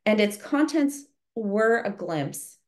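A woman historian presenting an academic seminar talk, measured and reading from prepared notes over a video call. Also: mid-range voice, animated.

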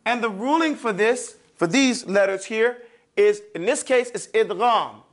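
Using lively intonation, a man with a fairly high voice runs a Quran recitation lesson in class; he repeats every sound slowly several times and checks in often to confirm his listeners follow.

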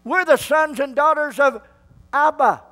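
A male pastor, preaching a sermon slowly and building to fervent shouts. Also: very high-pitched.

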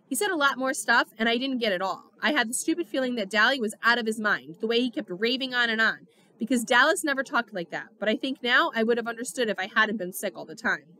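Bright-voiced woman reading a novel aloud. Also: on the high side, fast. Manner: expressive storytelling. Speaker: audiobook reader.

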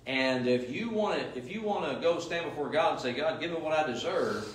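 A man's voice: on the high side, lively intonation, fairly quick, slight background noise. A male pastor preaching a sermon in an emphatic, repetitive style full of rhetorical questions, heard in a church. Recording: echoey room, mic at a distance.

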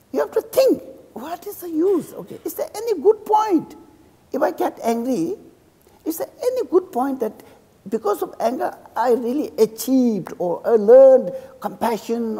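A man who is a Buddhist monk, speaking English with a Tibetan accent as a second language. He teaches a class in halting English and keeps checking in with his students by asking "okay?". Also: very high-pitched, warm tone, breathy edge. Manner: acts out insults and praise with a laugh. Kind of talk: dharma class lecture. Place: teaching room in a cultural center. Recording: reverberant hall.

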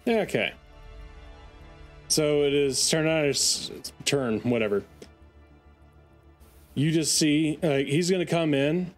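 A man running a tabletop game as game master. He counts out movement and narrates the enemies' actions calmly. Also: on the high side, slow pace, long pauses, faint music behind.

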